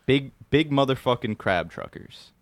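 A man's voice: mid-range voice, expressive, moderate pace, dry recording. Casual profane man as game master, dry recording. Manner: casual and profane, explaining rules. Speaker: game master for the one-shot. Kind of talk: casual tabletop chat.

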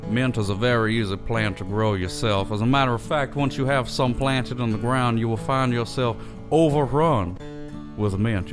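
A man voicing a pompous, genteel Southern gentleman host with a Southern US accent, in a comic character monologue full of flowery, unhurried phrasing. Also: on the low side, close to an everyday voice.

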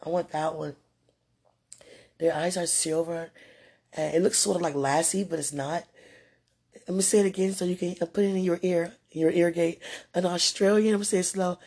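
A woman's voice: on the low side, fairly even intonation, fairly quick, pauses often, a little mellow, husky. A woman speaking casually and earnestly to her partner, rambling with restarts, religious phrasing and frequent laughter. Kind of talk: casual heartfelt talk.

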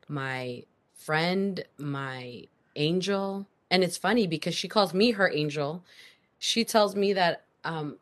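A woman guest on a podcast, telling a personal story in an animated, emphatic way. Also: low-pitched. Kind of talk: casual storytelling interview.

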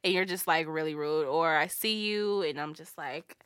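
Woman, podcast co-host, bright tense voice, dry close sound, blunt profane rant. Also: sits low, normal speed, clean tone, dry recording. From United States. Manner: blunt, profane ranting with lots of "like". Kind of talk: casual chat.

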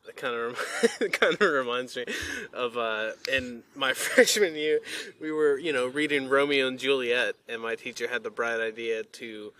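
Bright-voiced young man, laughing storyteller. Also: medium pitch, normal speed. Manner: laid-back, laughs through his stories. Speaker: guest. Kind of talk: casual chat, storytelling.

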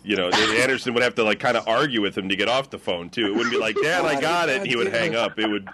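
A man's voice: fairly low pitch, fairly even intonation, quick pace, noisy background. A man hosting a casual podcast chat, talking loosely with a rambling manner. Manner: rambling, lots of fillers. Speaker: podcast host.

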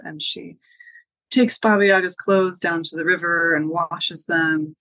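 A woman retelling a folktale as a podcast guest, relaxed with frequent ums and likes. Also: fairly low pitch, no echo, poor audio. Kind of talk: casual oral storytelling.

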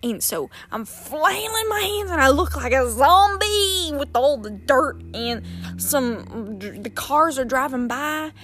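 A woman's voice: high-pitched, animated, slow, a bit bright. A woman guest telling a story casually and dramatically, repeating phrases for effect.

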